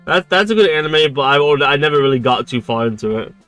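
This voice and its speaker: Guy reading a dating sim out loud for chat, giggly, trips over words, faint game music. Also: fairly high pitch, expressive, fairly quick, clean tone. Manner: chatty, giggly, stammering. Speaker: gaming streamer.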